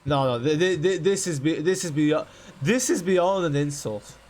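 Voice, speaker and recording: A man's voice: a little high, normal speed, a little mellow. A man hosting a game channel, ranting in exasperation at a buggy simulator, stammering and repeating himself. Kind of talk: ranting gameplay commentary.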